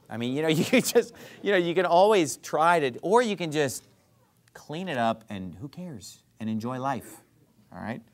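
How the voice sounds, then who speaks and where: A male pastor preaching a sermon to his congregation, asking rhetorical questions and dropping his voice softly to act out apologies. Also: sing-song, moderate pace. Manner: drops to a soft low voice to act out apologies.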